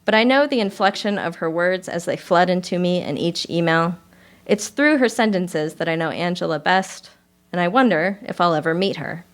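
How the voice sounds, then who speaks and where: A woman author reading her personal essay aloud at a live reading, in a measured and expressive voice. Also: fairly low pitch. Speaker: author reading own work.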